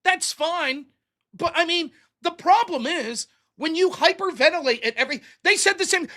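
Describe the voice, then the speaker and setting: A man hosts his own live-streamed commentary show, berating and mocking with heavy profanity. His voice sits high and bright, and it leaps around animatedly between near-shouts and low mutters. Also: animated, moderate pace. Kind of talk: ranting political commentary.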